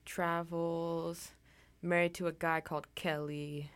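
A woman's voice: lowish voice, flat delivery, takes it slowly, fairly bright tone, clean tone. A young woman co-hosting a casual book discussion, chatting and thinking aloud. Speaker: podcast co-host.

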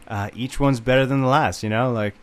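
A man guesting on a comedy podcast, wry and self-deprecating, speaking haltingly with many fillers. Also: medium pitch, fairly even intonation. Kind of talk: casual podcast chat.

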